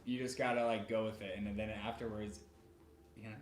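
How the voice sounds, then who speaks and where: A man co-hosting a vlog, chatting excitedly and speaking straight to the viewers. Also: lowish voice, a little fast, slight background noise. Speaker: vlogger, co-host. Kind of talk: casual chat. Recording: echoey room.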